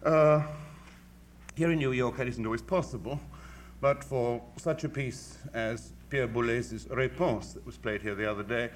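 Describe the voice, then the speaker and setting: Guy, music critic, talks slow and precise with dry wit, faint hiss. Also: medium pitch. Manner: measured, articulate, with dry wit. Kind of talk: formal lecture.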